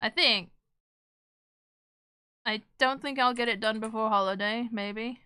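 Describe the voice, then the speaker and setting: A woman's voice: fairly high pitch, measured pace, pushed and bright, clean tone, dry recording, clean studio sound. A woman streamer chatting casually with her live chat while she draws, joking and self-deprecating.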